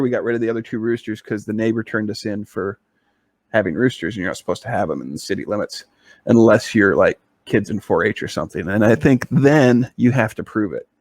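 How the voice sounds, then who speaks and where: A man's voice: mid-range voice, brisk, dry recording. Male podcast co-host, casual rambling storyteller, dry close-miked sound. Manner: rambling, with many fillers and restarts.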